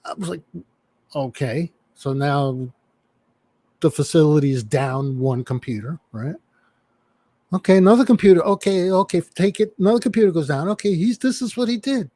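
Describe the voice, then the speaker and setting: A man telling a story in casual chat, swearing freely and animated. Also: fairly high pitch, moderate pace, dry recording. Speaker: chat participant.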